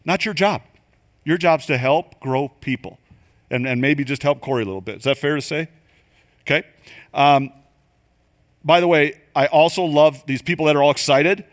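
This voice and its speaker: An older man giving a church leadership training talk, animated and quick to act out the voices he quotes. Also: on the high side. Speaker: leadership coach. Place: church venue.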